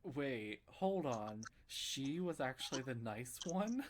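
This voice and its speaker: A man's voice: medium pitch, lively intonation, takes it slowly. A young man co-hosting a casual podcast, telling stories in a laid-back way and giggling often. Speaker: podcast co-host.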